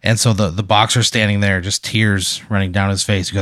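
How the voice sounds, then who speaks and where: A man's voice: lowish voice, little pitch movement, fairly quick, fairly bright tone, no echo, studio quality. A man hosting and narrating an improvised second-person story, talking casually and ramblingly with lots of fillers. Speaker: host narrating a hypothetical.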